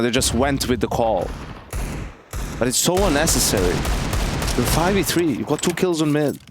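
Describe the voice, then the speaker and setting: A man's voice: medium pitch, noisy background. A male esports analyst giving blunt, critical breakdowns of the play. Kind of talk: color commentary. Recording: loud game gunfire behind. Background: game gunfire.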